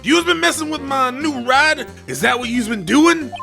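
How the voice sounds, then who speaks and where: A brash, hotheaded gangster biker, as a man puts him on while reading a game, barking threats in rough slang. The voice sits high and swings hard, with a gravelly edge. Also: lively intonation, normal speed, sharp tone, faint music behind, full character voice. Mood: menacing. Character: loud tough-talking male gangster biker, hotheaded.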